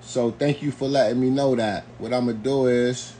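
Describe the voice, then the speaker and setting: A man's voice: medium pitch, steady tone, normal speed, warm tone, slight background noise. A man giving loose, slangy live-stream commentary and talking straight to his viewers. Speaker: YouTube commentator.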